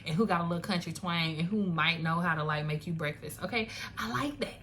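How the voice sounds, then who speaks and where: A young woman talking through books in a casual, animated way, full of "like" and "y'all", with laughing asides. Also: on the low side, a little fast, a little hiss or hum. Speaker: book reviewer. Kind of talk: casual chat. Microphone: phone camera.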